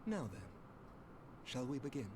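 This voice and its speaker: A male actor voicing a gallant, courteous knight commander who speaks in smooth, formal phrases, heard as game audio. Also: medium pitch, big pitch swings, measured pace, a little mellow. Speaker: game character.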